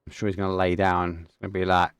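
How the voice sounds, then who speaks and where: A young man with an Essex accent calls an esports match live, his voice sitting a little low. He gets excitable and talks in quick bursts, peppered with casual slang. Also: smooth, dry recording. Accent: Essex English. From England, Essex. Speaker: esports caster. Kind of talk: live game commentary.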